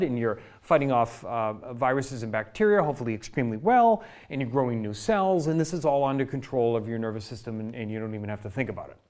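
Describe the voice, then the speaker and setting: Chiropractor explaining, casual and chatty. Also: male voice, mid-range voice, a little mellow. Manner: conversational, explains with examples and frequent "right?" and "okay?". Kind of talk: educational health talk to camera. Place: his office.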